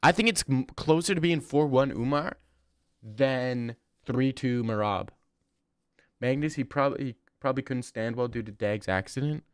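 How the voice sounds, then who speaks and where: A man's voice: mid-range voice, normal speed, clean tone, no echo, studio quality. A man in his twenties chatting casually on a live stream, rambling bluntly and swearing freely. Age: 20s.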